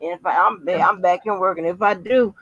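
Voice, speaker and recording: A woman's voice: fairly low pitch, a little fast, a bit bright, lo-fi sound. A woman hosting a live chat stream who talks loosely, stammers, and laughs often. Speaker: host. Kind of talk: casual chat.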